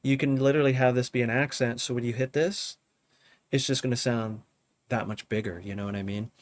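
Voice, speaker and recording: A man's voice: mid-range voice, brisk. Laid-back male producer, talky tutorial delivery, mid-range voice, home studio. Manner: relaxed, thinking aloud, often asks "you know what I mean?". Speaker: music producer teaching drum programming. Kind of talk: casual live tutorial.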